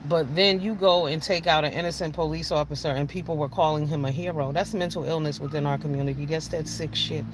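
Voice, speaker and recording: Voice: mid-range voice, fairly even intonation, quick pace, few pauses, noisy background. A podcast host in a casual rant, blunt and profane, scolding with an indignant edge. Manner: blunt and profane, with heavy cursing. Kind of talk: casual rant on a talk show.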